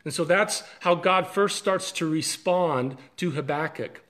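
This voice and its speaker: Earnest pastor, a man with a fairly high voice. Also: measured pace, a bit bright. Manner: earnest, conversational, with small restarts. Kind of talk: devotional video talk.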